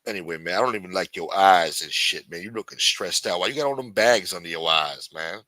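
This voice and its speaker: Taunting profane street hustler played by a man, forceful tone, dry sound. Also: low voice, brisk, no echo. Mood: menacing. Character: menacing male street hustler, adult, threatening. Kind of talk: improvised comic role-play.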